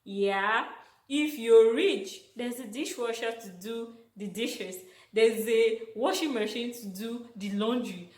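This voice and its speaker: A young Nigerian woman telling a story in an animated vlog, exclaiming and laughing often. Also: on the high side, slow. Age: young adult. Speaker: vlogger, international student. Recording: echoey room.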